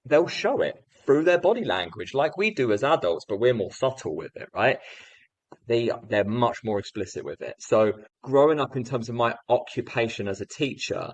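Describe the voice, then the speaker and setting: A man in his thirties from the UK, a guest telling a teaching story in animated anecdotal style. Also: medium pitch, moderate pace, no echo, low-quality recording. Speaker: guest speaker. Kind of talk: storytelling in a podcast interview.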